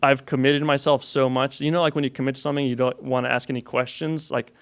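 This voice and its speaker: A man's voice: mid-range voice, little pitch movement, fast. A young man telling a story casually as a podcast guest, rambling with lots of "like". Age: young adult. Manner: rambling, says "like" a lot, laughs through his story.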